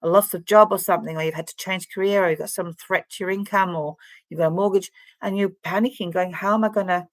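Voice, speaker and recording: A woman's voice: fairly low pitch, steady tone, quick pace, no echo. A woman giving a casual, chatty tarot card reading straight to the viewer, rambling and speaking to them directly. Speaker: tarot reader.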